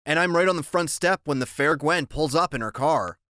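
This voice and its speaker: A man's voice: fairly high pitch, fairly quick, pushed and bright, no echo, clean studio sound. A man narrating an audiobook in the first person, in a plain, conversational storytelling manner.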